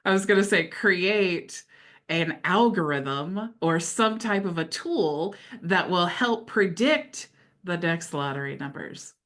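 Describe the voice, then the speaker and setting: Lively woman hosting a video call. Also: fairly low pitch. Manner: lively, quick storyteller. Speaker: host of a group coaching call. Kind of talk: casual group video call.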